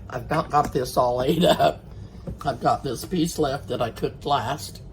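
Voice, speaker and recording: A woman's voice: extremely low pitch, a little slow, slight background noise, poor audio. An older woman, hosting a casual home cooking demonstration in a homey, chatty way and eating as she talks. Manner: homey, chatty, eats while talking. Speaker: cooking channel host.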